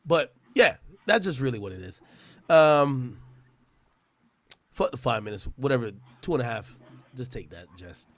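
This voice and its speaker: A man's voice: medium pitch, animated, a little slow, long pauses, no room sound. A man delivering a profane, mocking roast rant, often stammering and restarting his words. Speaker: internet personality. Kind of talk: trash-talking roast rant.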